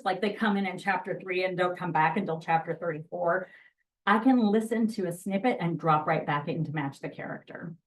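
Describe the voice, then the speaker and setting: A woman narrator talks to a room about her craft in a lively, chatty way, her voice sitting a little low. She is picked up from a distance, so the sound is somewhat removed. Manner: lively, chatty, jumps into voice demos. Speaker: audiobook narrator. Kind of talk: presentation to an audience.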